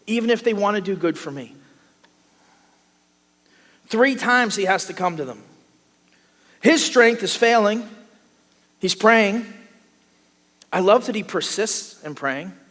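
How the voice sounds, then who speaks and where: A man preaches a sermon, his voice high-pitched and bright as he gets animated and slips into the voices of the people he describes. His words ring out into a long hall reverb. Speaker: pastor. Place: church sanctuary.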